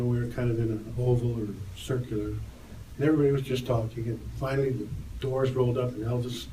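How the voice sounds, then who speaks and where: A man's voice: mid-range voice, slight background noise. An older man, a guest in an interview, telling stories and lifting his voice as he acts out the dialogue. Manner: lively storyteller, raises his voice for quoted dialogue. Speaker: interview guest, tour photographer. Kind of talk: animated anecdote storytelling. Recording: roomy, distant mic, faint ambience.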